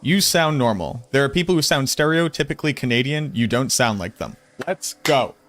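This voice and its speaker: A man with a Boston accent chats on a live game stream, reacting to viewers in an animated, jokingly indignant way. His voice sits at a middling pitch, with faint music playing behind him. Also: normal speed. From Boston area, US. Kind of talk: casual live-stream chat, reading chat aloud.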